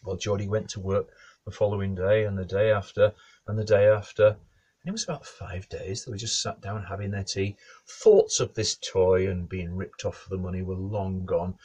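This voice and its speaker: A man telling a bedtime story in a relaxed, conversational way. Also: deep voice, normal speed, slightly rough.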